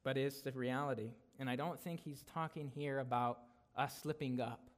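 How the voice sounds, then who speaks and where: A man preaching an expository sermon as a guest speaker in a conversational way. He often adds a quick "right?" and gets louder to stress a point, then drops soft to close it. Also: mid-range voice, steady tone.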